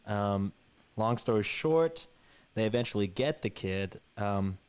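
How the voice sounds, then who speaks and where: A man's voice: on the low side, expressive, measured pace, clean tone. A man telling a grim fairy tale in a casual, rambling way, swearing and acting out the characters' lines. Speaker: podcast co-host. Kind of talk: casual storytelling chat.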